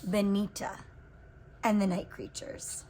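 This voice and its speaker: A woman reading a children's picture book aloud in an expressive, unhurried way. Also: mid-range voice, a little hiss or hum. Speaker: reader. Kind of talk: storybook read-aloud.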